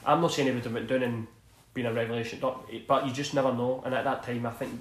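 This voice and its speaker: In a casual interview, a thirty-something Scottish former footballer spins rambling anecdotes, laughing often and dropping "do you know what I mean." His medium-pitched voice stays fairly even in intonation as he talks fast, with a reverberant sound.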